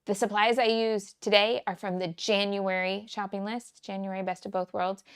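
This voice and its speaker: A woman's voice: medium pitch, level tone, normal speed, clear, resonant tone, dry recording, clean studio sound. A woman in her forties from the Kansas City area, chatting and telling rambling stories with frequent laughs while she scrapbooks live. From United States, Kansas City area. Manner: chatty, rambling storyteller who laughs often. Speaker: scrapbooking teacher and livestream host. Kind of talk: casual crafting livestream chat.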